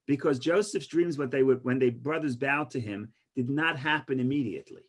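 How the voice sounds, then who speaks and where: A man teaching an informal Torah class, an animated storyteller with many restarts who gets loud for punchlines. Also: mid-range voice, brisk, slightly rough. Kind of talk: informal Torah lesson with stories and jokes.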